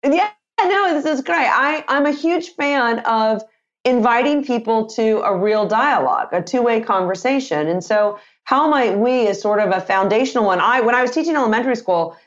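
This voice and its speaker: Casting: woman in her 50s, energetic interview guest, muffled lo-fi audio. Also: a little high, normal speed. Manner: energetic, expressive, acts out example dialogue. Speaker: author and sales trainer.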